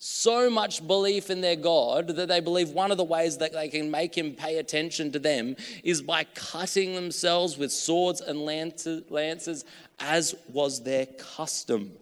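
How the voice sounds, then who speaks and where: A man's voice: a little high, measured pace, smooth, in a large hall. A man preaching a sermon in a casual, joking, chatty way.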